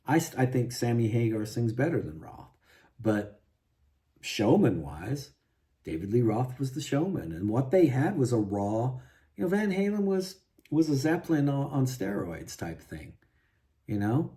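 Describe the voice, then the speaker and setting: A guitar vlogger vents in a rambling, frustrated monologue, restarting often and scattering asides and "you know"s throughout. His mid-range voice has a sing-song, warm quality and a measured pace.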